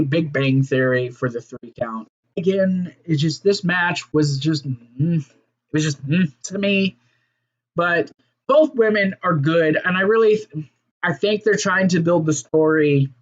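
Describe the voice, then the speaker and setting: A man's voice: fairly high pitch, fairly bright tone, lo-fi sound. A man giving a casual, rambling solo review of a wrestling show, swearing freely and trailing off into fillers. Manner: profane, rambling, fillers and restarts.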